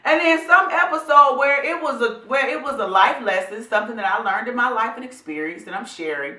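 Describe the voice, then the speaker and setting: A woman vlog host who speaks professionally, giving a motivational talk to camera in a preachy, animated way. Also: fairly high pitch, fairly quick, roomy sound. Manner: animated, preachy, addresses viewers as y'all and honey.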